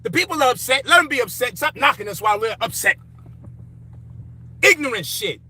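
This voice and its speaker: Heated, high-voiced man ranting. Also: big pitch swings, a little fast, pushed and bright, breathy edge. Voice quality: profane, emphatic, heated. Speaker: commentator. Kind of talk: frustrated personal rant.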